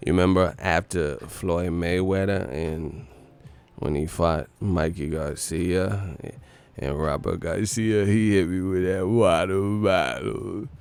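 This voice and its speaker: Deep, slow and smooth with vocal fry, this man's voice carries his boxing show. He keeps the sports talk casual and slangy, cursing a lot, laughing often and staying animated throughout.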